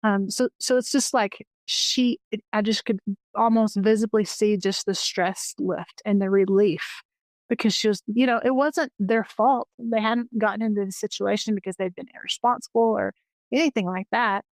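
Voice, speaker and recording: A woman's voice: mid-range voice, steady tone, moderate pace, no echo. Earnest woman telling stories, dry sound. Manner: earnest and enthusiastic, with many restarts. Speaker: interview guest, financial educator. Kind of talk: personal storytelling in an interview.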